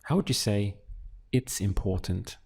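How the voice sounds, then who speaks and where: Slow, calm man teaching a language lesson. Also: fairly low pitch, vocal fry, breathy edge. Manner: calm, patient, pauses for listener to answer.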